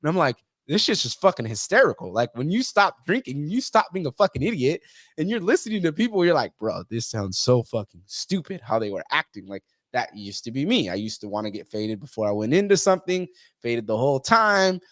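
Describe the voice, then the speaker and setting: A man's voice: fairly high pitch, big pitch swings, a little fast, a bit bright, dry recording, clean studio sound. A man talking bluntly on a podcast, swearing a lot and acting out the people he quotes. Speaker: podcast guest. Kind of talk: casual podcast conversation.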